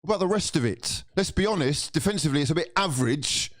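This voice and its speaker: A young man vents about his team in a profane, exasperated reaction rant. His voice swings wildly in pitch, rising to shouts of disbelief and falling to low, bitter muttering. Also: animated, quick pace. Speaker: football fan vlogger. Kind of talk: angry fan reaction rant.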